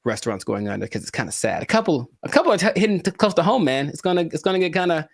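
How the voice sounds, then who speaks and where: A man hosting a casual podcast, animated and jokey, with rambling asides. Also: on the high side, rapid-fire, vocal fry, no echo, studio quality. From California. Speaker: podcast host and musician.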